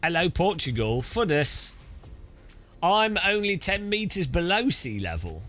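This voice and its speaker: A man's voice: a little high, sing-song, measured pace, a bit bright, soft background music. A man casually chatting on a sim-racing live stream, joking and rambling as he reads chat aloud.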